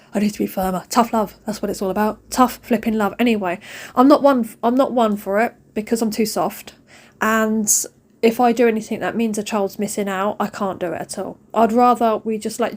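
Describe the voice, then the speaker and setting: A woman's voice: medium pitch, darkish tone. A British woman, a mum vlogger in her thirties, ranting casually and emphatically, repeating phrases for effect. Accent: British English. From United Kingdom.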